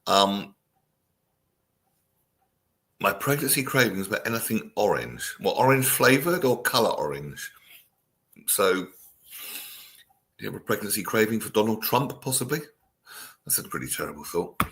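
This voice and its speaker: A man's voice: lowish voice, animated, moderate pace, long pauses, a bit bright. A man hosting a casual chat show, joking with listeners and reading their comments aloud. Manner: jokey, chatty, reads listener comments aloud. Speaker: radio show host.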